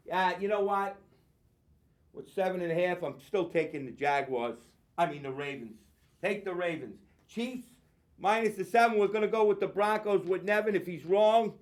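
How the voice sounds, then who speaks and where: A man hosting a local TV sports picks show, brash and rambling, calling out to viewers as he goes. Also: high-pitched. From Staten Island, New York. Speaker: TV host. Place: local TV studio.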